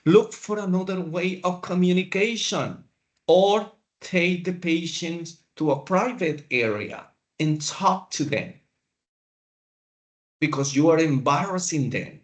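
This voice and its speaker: A man teaching a class, lecturing in a slow, deliberate way with pauses. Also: on the high side, animated. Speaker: instructor.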